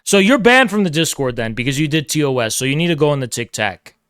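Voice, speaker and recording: A man ranting at his livestream chat, swearing hard and repeating himself as he lectures. His voice sits a bit high and comes through smooth and resonant. The close mic sounds dry, with no room around it. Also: lively intonation, fast talker, fairly bright tone, no echo. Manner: aggressive, profane, repetitive, lecturing. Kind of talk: heated livestream rant to chat.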